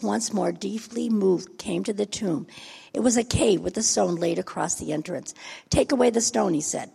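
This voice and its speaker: A woman from the congregation reading scripture softly and slowly, then giving a quick, halting testimony. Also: mid-range voice, creaky, slightly rough. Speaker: church member giving testimony. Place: church sanctuary. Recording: long church reverb.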